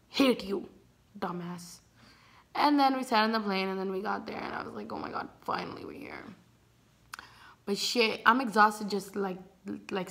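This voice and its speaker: A young woman vlogger telling a storytime tale, animated and swearing freely, acting out the people she quotes. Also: mid-range voice. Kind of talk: storytime vlog.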